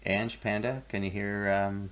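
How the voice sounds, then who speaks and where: A man's voice: fairly low pitch, measured pace. A man hosting a live art stream, chatting casually and joking around with his cohost. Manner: joking, relaxed banter. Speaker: host.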